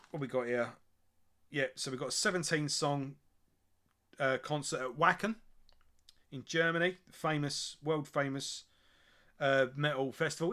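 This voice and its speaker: A music channel host with a medium-pitched, pushed, bright voice chats casually and enthusiastically while drinking beer. His talk is full of fillers and restarts.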